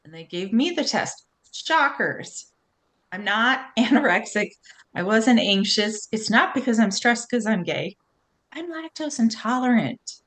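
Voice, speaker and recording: A woman's voice: fairly high pitch, big pitch swings, measured pace, fairly bright tone. A woman in her forties who works as a therapist, speaking in a candid podcast chat. She is blunt and frank, and she swears casually. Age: 40s.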